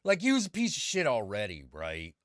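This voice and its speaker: A man's voice: mid-range voice, wildly swooping pitch, fairly quick, a bit bright, no room sound, studio quality. A man live-streaming and chatting with viewers, ranting with a lot of swearing and greeting people by name. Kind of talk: casual live-stream chat.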